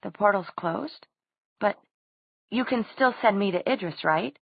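A woman's voice: medium pitch, expressive, unhurried, vocal fry, breathy edge, no echo, heavily acted. A woman voicing an anxious teenage girl who pleads urgently, in a dry, tinny recording. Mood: pleading. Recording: dry, tinny phone-like sound.

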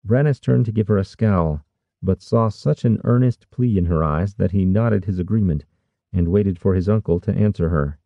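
Male narrator, very low and gravelly, measured fantasy reading, dry muffled studio sound. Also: no echo. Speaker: audiobook narrator.

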